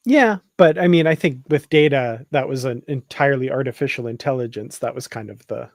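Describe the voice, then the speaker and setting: A man chatting casually on a panel, hesitant and full of little fillers, often breaking into a chuckle. His voice sits at an everyday middle pitch, dry and close to the mic. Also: brisk, no room sound. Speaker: panelist on a fan discussion show.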